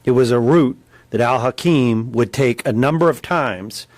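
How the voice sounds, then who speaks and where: A man giving a press conference statement as a prosecutor, halting with many ums and restarts. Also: mid-range voice, no room sound.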